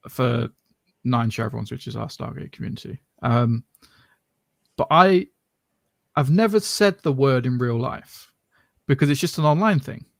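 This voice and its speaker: A man's voice: mid-range voice, creaky, no room sound, studio quality. A man from southern England with a mixed English regional accent, talking in a rambling, self-correcting way as a podcast co-host. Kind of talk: casual chat.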